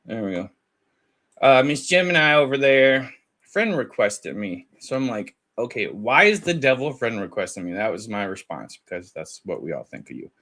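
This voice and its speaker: A man's voice: mid-range voice, sing-song, normal speed, a bit bright. A man hosting a casual commentary video, chatting and laughing as he retells online drama and quotes both sides of a chat. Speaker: commentary channel host.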